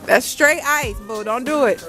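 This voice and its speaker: A woman's voice: on the high side, unhurried, sharp tone, faint music behind. A young mother filming her family in a snowy backyard, talking casually and teasing the kids with lots of laughter. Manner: playful, teasing, laughing often. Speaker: vlogger, mother.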